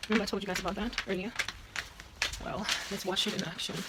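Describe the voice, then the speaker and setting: Chatty South African woman over loud kitchen clatter. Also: mid-range voice, steady tone, fast, very noisy. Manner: playful and chatty, breaks into sing-song asides. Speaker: vlogger. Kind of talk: casual vlog with a kitchen demonstration. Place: home kitchen, indoors. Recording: loud clinking dishes and cutlery behind. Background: clattering dishes, pots and cutlery.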